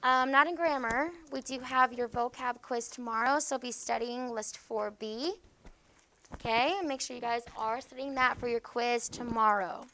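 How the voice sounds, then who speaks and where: Bright-voiced woman teaching grammar. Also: on the high side, steady tone, normal speed. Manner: patient, checks understanding with frequent "okay?". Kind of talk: classroom grammar lesson.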